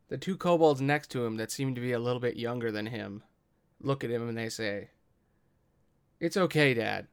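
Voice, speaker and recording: A man running a tabletop game as game master, describing the scene in a relaxed way. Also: mid-range voice, clean tone.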